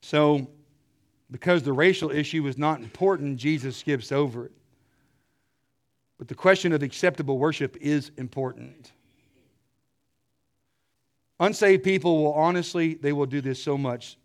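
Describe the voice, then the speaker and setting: A middle-aged man preaching a sermon, telling stories with animated energy and clearing his throat often. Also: fairly high pitch, a little slow, long pauses.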